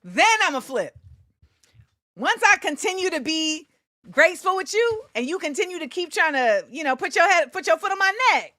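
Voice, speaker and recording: A woman's voice: extremely high pitch, animated, fairly quick, bright, forceful tone, dry recording, clean studio sound. A woman in her forties hosting a show, giving casual solo commentary in a conversational, emphatic way with frequent fillers. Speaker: host.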